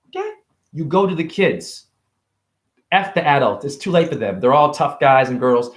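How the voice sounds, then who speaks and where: A middle-aged man with a fairly high voice delivers a profane, lecturing freestyle rant as a self-styled spiritual teacher. He is confrontational and talks straight at the listener. The room around him is echoey. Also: expressive, normal speed.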